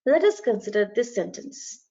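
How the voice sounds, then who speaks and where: A woman coaching students for a speaking exam, her voice a touch high for a woman. She walks through each point with examples and leans on key words. The sound is slightly dull and lo-fi. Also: sing-song, normal speed, warm tone. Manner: explains step by step with examples, stresses words. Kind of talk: video lesson.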